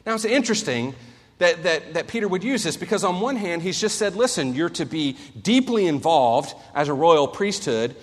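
A man in his forties preaching a sermon as a pastor, earnest and storytelling, swinging between loud and soft. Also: a little high, expressive, moderate pace. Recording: long hall reverb.

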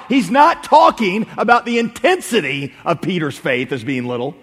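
A male pastor preaching in a church sanctuary with a long hall reverb around his voice. His voice sits high for a man, and his delivery is animated. He climbs to loud calls and then drops to hushed asides. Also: a little fast, hardly any pauses. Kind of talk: sermon.

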